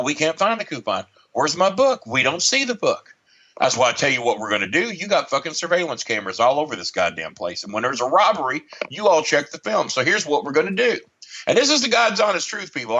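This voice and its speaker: A man's voice: medium pitch, very animated, fast talker, pushed and bright, highs cut off. A man telling a long comic story as a podcast guest, ranting and swearing heatedly.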